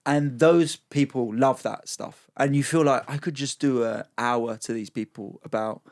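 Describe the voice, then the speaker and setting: A man's voice: mid-range voice, a little slow. A young man with a southern English accent, a comedian telling stories in casual chat and acting out other people's lines. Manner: animated, laughing storyteller who acts out quotes. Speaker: comedian guest.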